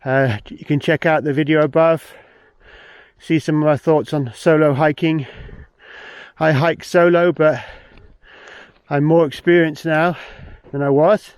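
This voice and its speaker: A man's voice: on the high side, fairly even intonation, unhurried, smooth, dry recording. A man vlogging hiking tips outdoors on a mountain trail, slightly out of breath, giving plain practical advice and repeating his main points. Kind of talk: outdoor vlog with tips to camera.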